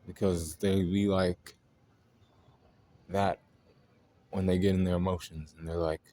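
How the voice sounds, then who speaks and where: A man's voice: deep voice, flat delivery, measured pace, dark tone. A man hosting an astrology video, venting in a blunt, profane, exasperated way. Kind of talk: casual ranting monologue. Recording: noisy home recording.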